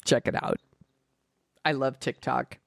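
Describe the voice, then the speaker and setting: A woman's voice: rumbling low, steady tone, a little slow, gravelly, no echo, studio quality. A woman co-hosting a podcast, chatting casually with giggles and many "like" fillers. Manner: rambling, giggly, filler-heavy recommendations. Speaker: podcast co-host. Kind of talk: casual chat.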